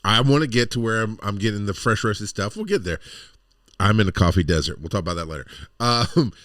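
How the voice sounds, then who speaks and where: A man's voice: on the low side, a little fast, a bit bright, no room sound, studio quality. A middle-aged man co-hosting a podcast, chatting casually and telling rambling, exasperated stories. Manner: rambling storyteller, exasperated asides. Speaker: podcast co-host. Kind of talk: casual chat.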